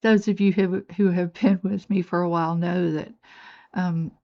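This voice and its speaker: Talking while she works, this beading channel host walks viewers through making jewelry in a folksy, chatty crafting tutorial. She's an older woman from North Georgia with a Southern accent and a fairly low, fairly even voice at a moderate pace. The recording is muffled.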